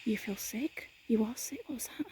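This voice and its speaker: A woman's voice: a little high, normal speed, mellow, slightly rough. A woman vlogging a night ghost hunt in a cemetery, often whispering and calling out to spirits. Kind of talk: hushed vlog narration.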